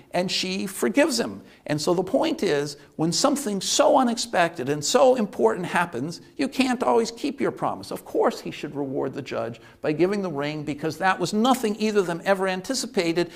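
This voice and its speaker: A man giving a lecture, retelling a play as an animated storyteller who often restarts and fills with "uh". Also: high-pitched, vocal fry. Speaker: economics lecturer.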